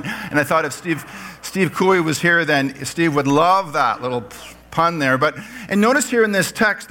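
Joking pastor with a bright voice. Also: male voice, fairly high pitch. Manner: animated, joking, reads scripture aloud. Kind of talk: sermon.

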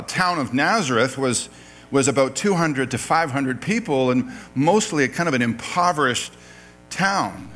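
A man from Canada delivers a conversational sermon, reading scripture passages and pausing to rephrase himself. His voice sits a little high for a man. Faint music plays behind him. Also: a bit bright. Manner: conversational, quoting scripture, self-correcting. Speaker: pastor.

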